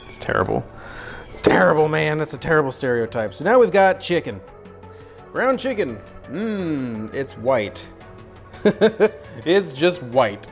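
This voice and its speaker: A man chatting casually on a cooking livestream from his home kitchen, joking and poking fun at himself. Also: mid-range voice. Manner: joking, self-mocking, chatty. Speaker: streamer cooking live.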